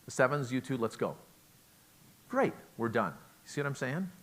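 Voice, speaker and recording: A man's voice: mid-range voice, expressive, fairly quick, fairly bright tone. A middle-aged man giving a relationship talk at a conference, chatty and joking, asking the audience questions. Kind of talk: lecture to a live audience.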